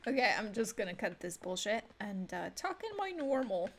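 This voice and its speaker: A young woman commenting on her gameplay in a chatty, excitable way, swearing often. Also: medium pitch, moderate pace, hardly any pauses, slight background noise. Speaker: gaming video host. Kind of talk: live gameplay reaction commentary.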